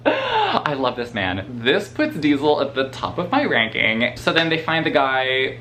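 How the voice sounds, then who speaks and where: Bright-voiced animated male book vlogger. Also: medium pitch, unhurried. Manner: animated, dramatic, crude, laughing asides. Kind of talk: casual spoiler book review vlog.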